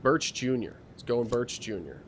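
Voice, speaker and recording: A man's voice: medium pitch, animated, normal speed, a little hiss or hum. A man streaming a game, chatting casually, reading the game text aloud and asking viewers to help him decide. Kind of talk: casual gameplay commentary. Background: game music.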